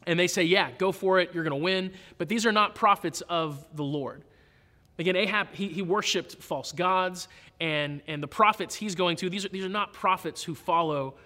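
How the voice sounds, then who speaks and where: A man's voice: on the high side, sharp tone. A man reading and explaining a Bible passage in a casual way, with frequent restarts, with long hall reverb. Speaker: Bible teacher.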